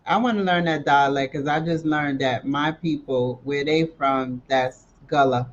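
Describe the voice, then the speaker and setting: Slow, giggly man on lo-fi audio. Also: a little high, slight background noise. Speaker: livestream co-host. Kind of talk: casual chat.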